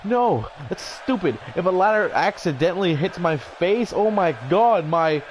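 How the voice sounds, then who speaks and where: Vain wrestling champion villain, put on by a man, pompous, taunting, slightly high voice, game promo. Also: expressive, a little slow, a little hiss or hum, poor audio. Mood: smug insulting. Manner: pompous, taunting, sometimes shouting. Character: vain arrogant male wrestling champion heel. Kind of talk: improvised wrestling promo over a video game.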